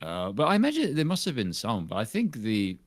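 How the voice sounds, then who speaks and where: A man from South Africa chats on a live stream in a lowish voice that rises and falls freely. He is blunt and laughs often, and his voice sounds close and dry. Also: wildly swooping pitch, fairly quick, no echo. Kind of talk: casual chat on a live stream.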